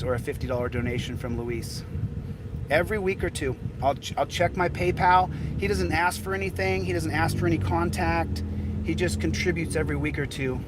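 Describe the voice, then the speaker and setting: A man's voice: on the high side, background noise. A man hosting a casual livestream outdoors, hot and sweating, talking in a rambling way with many repeated phrases. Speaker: livestreaming channel host. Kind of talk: casual live-stream chat.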